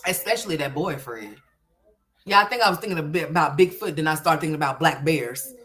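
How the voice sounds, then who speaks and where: A woman from Oklahoma hosting a livestream, telling a story in a loose, animated and profane way, dropping to low mutters and rising to loud exclamations. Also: brisk. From Oklahoma, USA. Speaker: livestream host.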